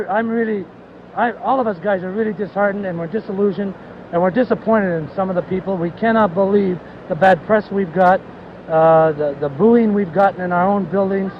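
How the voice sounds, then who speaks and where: A man giving an emotional, halting post-game TV interview, repeating himself. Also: high-pitched. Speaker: hockey player speaking on TV. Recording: dull archival broadcast with faint noise.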